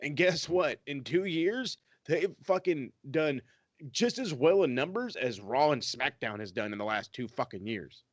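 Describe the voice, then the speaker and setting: A man's voice: fairly high pitch, big pitch swings, measured pace, no echo. A man co-hosting a wrestling podcast, ranting in a heated, profane, sarcastic way. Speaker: podcast co-host.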